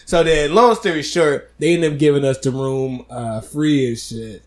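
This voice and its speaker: A man telling a profane, animated story in casual chat, laughing along as he goes. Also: on the high side, moderate pace.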